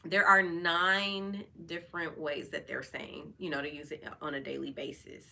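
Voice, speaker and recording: A woman with a bright, forceful voice, pitched a little low, talks openly to camera in a loose, chatty way. Her speech is full of fillers and restarts as she hosts her own relaxed vlog. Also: moderate pace, gravelly. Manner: candid and chatty, many fillers. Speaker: vlog host. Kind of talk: casual personal talk over wine.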